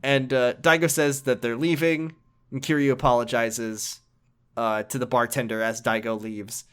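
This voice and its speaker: A male podcast host casually recapping a video game story at a mid-range pitch. He rambles and jumps in animation from one bit to the next, swearing freely and laughing mid-sentence. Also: flat delivery, moderate pace, clear, resonant tone.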